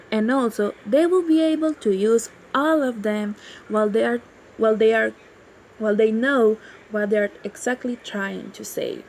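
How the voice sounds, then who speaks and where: A woman gives a class presentation in a slightly high voice. She talks slowly and hesitantly and repeats words. A faint hiss of noise sits under the recording. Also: a little mellow, rough recording.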